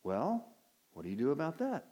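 A man's voice: on the high side, huge pitch swings, normal speed, dark tone, highs cut off. A male pastor preaching a sermon from the pulpit, earnest and emphatic, with many rhetorical questions. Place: church sanctuary at a pulpit.

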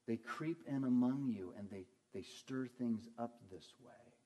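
A man's voice: mid-range voice, a little slow, warm tone. A man preaching as pastor, earnest, asking questions and answering them himself. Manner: earnest, asks and answers his own questions. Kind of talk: sermon.

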